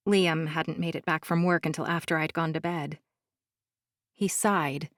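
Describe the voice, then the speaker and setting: A woman narrating a fantasy romance audiobook in the first person, calm, soft and measured. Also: low voice, no room sound, clean studio sound.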